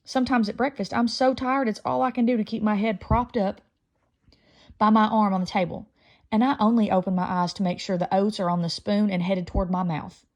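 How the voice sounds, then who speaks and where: A woman reading a children's novel aloud in a lively first-person storytelling voice. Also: mid-range voice, brisk. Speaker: audiobook reader.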